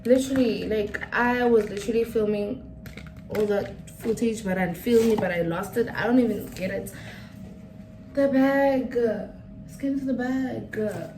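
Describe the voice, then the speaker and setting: A young woman chatting excitedly and rambling to her viewers in a casual vlog. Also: a little high, moderate pace. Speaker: vlogger. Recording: roomy, distant mic, noisy background.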